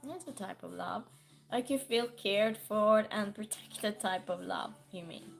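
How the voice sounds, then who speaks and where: A woman hosting a livestream with a cold and a sore throat, hoarse and clearing her throat as she reads viewer messages aloud and chats back. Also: medium pitch, a little slow, faint music behind. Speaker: livestream host reading chat. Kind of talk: casual chat.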